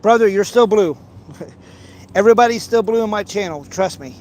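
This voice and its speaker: A man's voice: high-pitched, moderate pace, a little mellow, slight background noise. A man casually chatting to his livestream viewers while fishing outdoors, rambling with many restarts and playful teasing. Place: outdoors by a pond.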